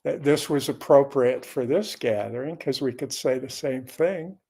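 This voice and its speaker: A man teaching as a Zen teacher in a dharma talk, unhurried and conversational with wry asides. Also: mid-range voice, creaky, warm tone, husky.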